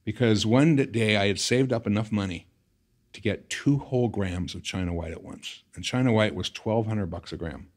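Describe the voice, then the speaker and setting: A middle-aged man from the San Fernando Valley, a guest telling a story in an interview and acting out old conversations with big jumps in his voice. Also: normal speed. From the San Fernando Valley, California. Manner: animated storyteller acting out past conversations, voice jumping high in excitement.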